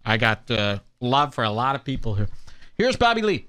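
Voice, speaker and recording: A man's voice: mid-range voice, big pitch swings, moderate pace, bright, forceful tone, clean tone, dry recording. A man hosting a comedy podcast, ranting in a crude, mocking and sarcastic way. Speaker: podcast host.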